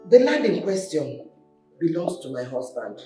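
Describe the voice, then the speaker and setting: A woman's voice: low-pitched, big pitch swings, dark tone, faint music behind. An actress playing an aggrieved widow who pleads her case. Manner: slow, plaintive. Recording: echoey, from a distance.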